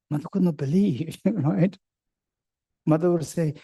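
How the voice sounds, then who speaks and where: A man's voice: on the high side, steady tone, moderate pace, warm tone. A man giving a Buddhist teaching to a retreat group, playfully telling stories and acting out the dialogue as he checks that listeners follow. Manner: playful storyteller who acts out everyday dialogue; repeats points and checks understanding with the audience.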